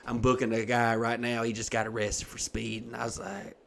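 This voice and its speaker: Hosting a podcast, a young man tells a long comic story casually and with profanity, animatedly acting out its quoted figures. His medium-pitched voice is gravelly and a little fast, with a little hiss or hum.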